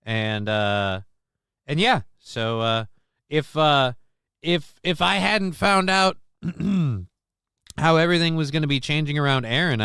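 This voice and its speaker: A middle-aged man chats on his home live stream in a bright, clear voice, recorded close and dry with no room sound. He rambles, swears casually and reads viewers' comments aloud. When he quotes people he lifts into a livelier voice. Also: medium pitch, no echo. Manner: quotes himself and others in livelier raised voice. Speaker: livestream host. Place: home desk.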